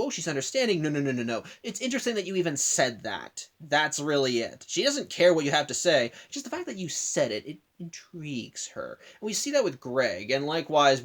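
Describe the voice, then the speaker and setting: A man giving a casual spoken review who keeps stopping and correcting himself mid-sentence, recorded in an indoor room. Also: a little high. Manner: rambling with frequent self-corrections; acts out the characters' lines in quick bursts. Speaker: video reviewer. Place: indoor room by a curtained window.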